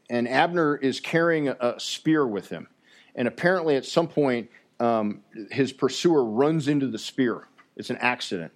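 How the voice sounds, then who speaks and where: Earnest male preacher, halting delivery. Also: medium pitch, darkish tone. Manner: earnest, halting with frequent repeated words. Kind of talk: sermon.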